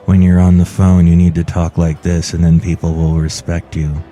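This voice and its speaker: A man voicing a self-important male engineer who lectures in a deep, robust voice. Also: little pitch movement, normal speed, mellow, lightly acted. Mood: lecturing. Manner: pompous, lecturing.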